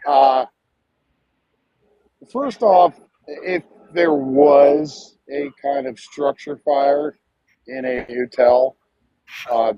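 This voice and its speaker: Husky emphatic man on dull audio. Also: medium pitch, no echo. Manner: emphatic, full of filler uhs. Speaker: livestream guest. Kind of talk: casual livestream chat.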